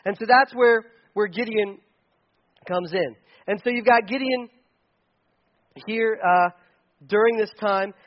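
A man's voice: high-pitched, slow, pauses often. A man preaching a sermon as pastor, conversational with casual asides, in a dull lo-fi recording. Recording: dull lo-fi sound.

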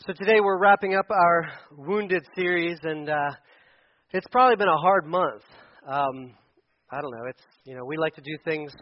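High-voiced man preaching on radio. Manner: conversational preaching, many restarts, voice rises when quoting. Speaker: pastor. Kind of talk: sermon. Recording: dull radio broadcast audio.

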